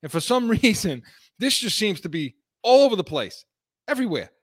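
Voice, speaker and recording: A man with a slightly raised voice talks sports in an easygoing, measured way. The recording is dry and close. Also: high-pitched, big pitch swings, no echo. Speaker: sports talk show co-host. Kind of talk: casual sports talk.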